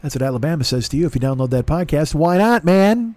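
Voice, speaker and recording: A man's voice: a little high, lively intonation, fast, hardly any pauses, a little mellow. A man hosting a comedy podcast, talking into a microphone and rambling through a profane, self-mocking plug. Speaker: podcast host. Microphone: studio microphone.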